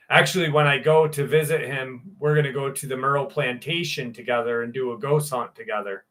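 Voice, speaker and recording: A man's voice: medium pitch, steady tone, brisk, few pauses, a bit bright. A man in his forties hosting a livestream, answering viewers in casual, rambling chat with candid, crude humor. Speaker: livestream host.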